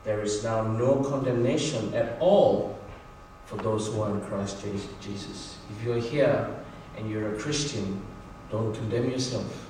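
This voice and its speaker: A man's voice: on the low side, unhurried, far from the mic, background noise. Male pastor preaching in an echoey church. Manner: earnest, exhorting, storytelling. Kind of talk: sermon.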